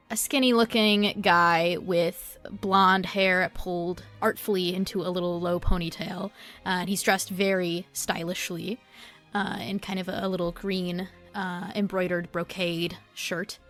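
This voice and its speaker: Woman running a tabletop game, casual descriptive narration, bright voice. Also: lowish voice. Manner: descriptive, casual, many 'uh's. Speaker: game master.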